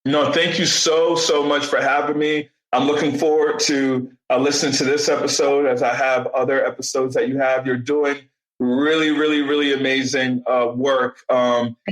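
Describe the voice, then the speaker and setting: A man's voice: medium pitch, echoey room, rough recording. A young man, a podcast guest, telling stories in a casual interview and acting out what people said. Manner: animated storyteller, acts out quotes. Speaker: podcast guest, digital marketing strategist.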